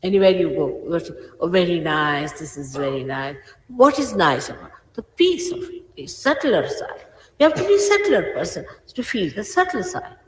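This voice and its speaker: A woman's voice: medium pitch, very animated, moderate pace. Woman scolding her followers, voice swooping up and down, big hall reverb, bit of hiss. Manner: scolding, admonishing, emphatic. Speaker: spiritual teacher. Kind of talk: informal sermon to followers. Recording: echoey hall with faint hiss.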